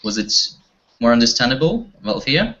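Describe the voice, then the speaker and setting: A man's voice: mid-range voice, sing-song, moderate pace, a bit bright. A man teaching an online English class, talking hesitantly with many fillers and restarts. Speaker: language teacher. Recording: dull lo-fi audio.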